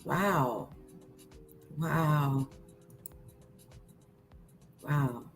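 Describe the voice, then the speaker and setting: A woman's voice: low-pitched, very slow, faint music behind. A woman doing casual reaction commentary, sarcastic and incredulous, swearing freely and chatting to her viewers. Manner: chats to viewers in live chat. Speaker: online commentator.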